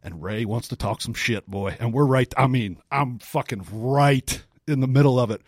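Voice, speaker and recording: A man co-hosting a podcast, telling a story in a casual, profane, animated way with frequent laughs. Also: mid-range voice, normal speed, no echo, clean studio sound. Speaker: podcast co-host.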